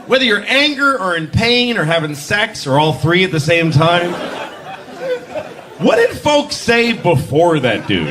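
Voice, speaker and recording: A man's voice: sits high, background noise. A male stand-up comedian performing a set, mock-outraged and acting out characters. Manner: animated, mock-outraged, acts out voices. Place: comedy stage. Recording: live club with audience laughter.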